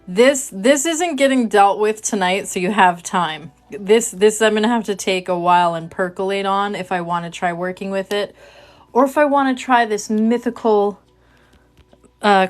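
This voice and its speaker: Slow, chatty woman on a livestream. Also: medium pitch. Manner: chatty, self-mocking, talks to chat viewers. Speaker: livestream host. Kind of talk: casual livestream chat.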